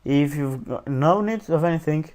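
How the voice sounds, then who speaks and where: A man's voice: a little high, normal speed, darkish tone, a little hiss or hum, natural voice. A man voicing a polite male hotel bellboy in a put-on British accent, stiffly formal and calling everyone sir. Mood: formal, servile.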